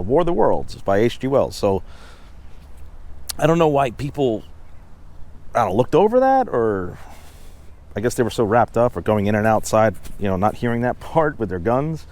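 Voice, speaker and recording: A man's voice: fairly low pitch, big pitch swings, moderate pace, a little mellow. A man casually telling history on location outdoors, rambling and chatty with lots of fillers and asides. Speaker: history vlogger and tour host.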